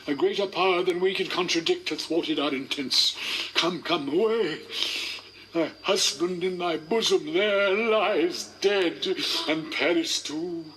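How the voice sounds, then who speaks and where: An actor playing an anxious aging friar in Shakespearean verse, urgent and pleading. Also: male voice, high voice, sharp tone, a little hiss or hum, rough recording. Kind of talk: Shakespearean stage acting.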